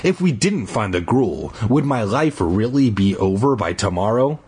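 Husky man casually reading a kid's book aloud, lively voice, crude jokey asides. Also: fairly low pitch, moderate pace. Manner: irreverent, profane, jokey commentary. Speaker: amateur audiobook reader.

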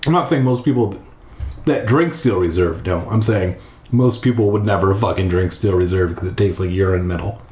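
A man's voice: low-pitched, normal speed, darkish tone, slight background noise. Crude man reading in an echoey bathtub. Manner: crude, rambling asides. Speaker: storybook reader. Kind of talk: casual crude reading aloud. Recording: echoey bathroom.

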